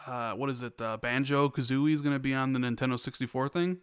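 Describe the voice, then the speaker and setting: A man's voice: mid-range voice, fairly even intonation, fast talker, clear, resonant tone, no echo, studio quality. A man hosting a podcast, casual and joking, teasing his co-host. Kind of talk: casual chat.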